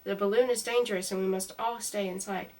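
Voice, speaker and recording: A woman's voice: mid-range voice, steady tone, a little fast, close to an everyday voice. A woman reading as a firm, overprotective mother. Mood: worried. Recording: slightly distant mic.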